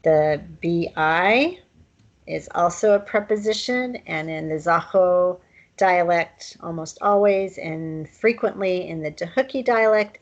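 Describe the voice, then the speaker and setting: Lady teacher going over pronunciation real slow, kinda low gravelly voice. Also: poor audio. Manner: unhurried explaining, sounding out words slowly. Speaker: language teacher. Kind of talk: recorded language lesson.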